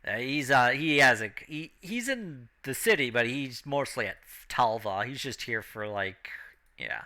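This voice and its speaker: A man narrating as game master of a tabletop game, acting out the crowd and announcer in an animated way. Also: medium pitch, unhurried.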